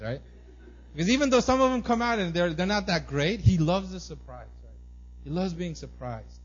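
Animated male pastor preaching. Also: high voice, fairly quick, muffled recording. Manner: animated storytelling, acts out his son's excited squeals; conversational, keeps asking "right?". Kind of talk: sermon.

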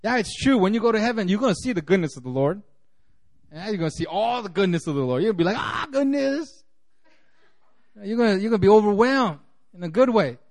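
A man's voice: sits high, animated, fast, a little mellow. A man preaching a sermon as pastor, in a conversational way full of "you know", acting out the voices he quotes.

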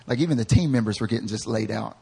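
A man preaching a sermon, moving between quiet, joking storytelling and loud, fervent shouting, acting out quoted people with humor. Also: lowish voice, quick pace, vocal fry, a little hiss or hum. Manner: acts out quoted voices with humor. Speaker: pastor.

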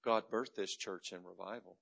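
A middle-aged man preaching a sermon as a pastor, telling a story dramatically and moving between loud and hushed delivery. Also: deep voice, fairly even intonation, moderate pace, vocal fry.

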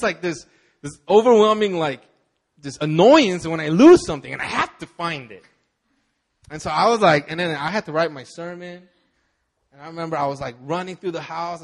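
A man's voice: a little high, animated, brisk. A young man preaching a sermon, telling a personal story with many fillers and repeated words. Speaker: pastor.

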